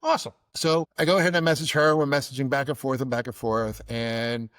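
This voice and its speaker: A man's voice: medium pitch, fairly even intonation, fairly quick, fairly bright tone, no room sound. A middle-aged man hosting a podcast, telling a funny personal story and acting out the dialogue. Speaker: podcast host.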